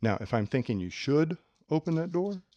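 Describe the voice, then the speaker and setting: A man co-hosts a self-help podcast, his voice on the high side at a normal speed, with no echo but dull audio. He teaches in an animated way, acting out little everyday scenes.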